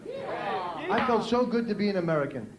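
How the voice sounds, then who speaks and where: A man's voice: high voice, big pitch swings, normal speed, crowd noise. A male stand-up comedian from New York City with a New York accent, telling wry, self-mocking jokes on stage. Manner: wry, self-mocking delivery with punchy punchlines. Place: comedy club stage before a live audience. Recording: echoey club, noisy old VHS tape.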